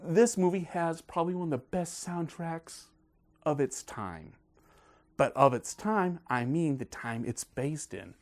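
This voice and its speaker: A man hosting a casual film review video, talking in a gushing, excited way. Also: on the high side.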